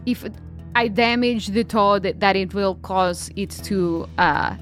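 A woman's voice: mid-range voice, takes it slowly, fairly bright tone, faint music behind. A young woman playing a tabletop game, asking questions in a hesitant, casual way. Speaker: player.

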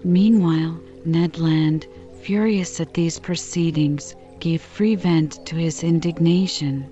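A woman calmly reading a classic novel aloud as a bedtime story in a soothing, unhurried way. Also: deep voice, lo-fi sound, soft background music. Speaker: audiobook reader.

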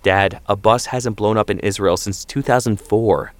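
A man's voice: lowish voice, fairly even intonation, normal speed, no room sound, lightly acted. A man voicing an earnest young college student pleading with his father. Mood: exasperated. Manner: pleading, exasperated.

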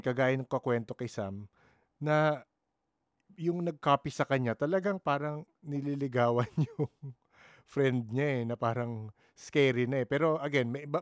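A man's voice: a little high, no room sound, clean studio sound. A Filipino man hosting a casual chat, asking curious questions and mixing English and Tagalog.

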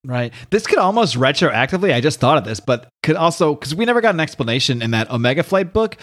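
Male co-host, quick talker, enthusiastic, casual. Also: on the high side, very animated, a bit bright. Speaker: podcast co-host. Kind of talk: casual chat.

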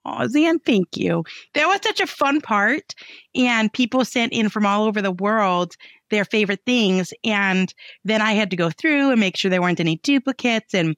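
A woman with a Midwestern accent, a guest author chatting in an interview, bubbly and animated. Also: mid-range voice, normal speed, dry recording. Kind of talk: casual interview chat.

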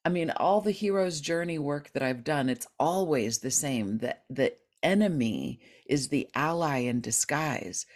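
A woman's voice: low voice, expressive, unhurried, few pauses. A woman hosting a podcast interview who talks in an affirming, emphatic and heartfelt way. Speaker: podcast host.

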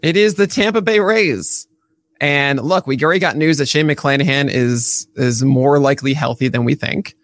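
A man's voice: fairly high pitch, normal speed, fairly bright tone, dry recording. A man co-hosting a casual baseball podcast, playful and teasing, rambling through his picks. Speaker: podcast co-host.

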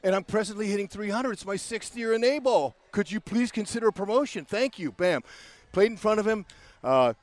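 A man in his sixties from Fresno, California, a baseball broadcaster telling animated stories as a guest, slangy, acting out dialogue and repeating himself. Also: high voice, a little fast, dry recording. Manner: lively storyteller, slangy, acts out dialogue, repeats words.

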